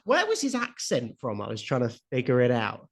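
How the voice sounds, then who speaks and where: A man's voice: medium pitch, wildly swooping pitch, a little fast. A man co-hosts a casual chat with an ordinary, mid-range voice. He laughs easily and drops blunt, crude remarks into the conversation. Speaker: podcast co-host.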